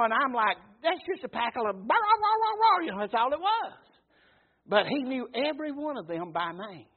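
A man's voice: high-pitched, husky. A man preaching a sermon, telling folksy stories and calling out to the congregation for an "Amen.". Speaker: pastor. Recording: muffled phone-like recording.

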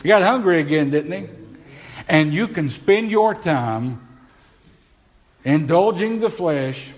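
Brief: middle-aged male pastor, slightly high voice, preaches with rhetorical questions, long church reverb. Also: animated, slow. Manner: preaching with rhetorical questions, reading scripture aloud. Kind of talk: sermon. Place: church sanctuary.

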